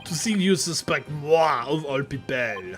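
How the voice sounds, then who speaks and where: A man's voice: a little high, animated, a little slow, fairly bright tone, soft background music. A man voicing a flamboyant, vain male suspect obsessed with beauty, speaking in a haughty, theatrical mock-French manner while reading a game aloud. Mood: affronted.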